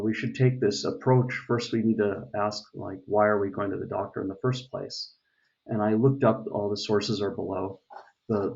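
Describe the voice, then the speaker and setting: A man's voice: fairly low pitch, creaky, darkish tone. A middle-aged man from the United States giving a casual opinion monologue, rambling with many fillers and restarts. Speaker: vlogger. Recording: dull lo-fi recording.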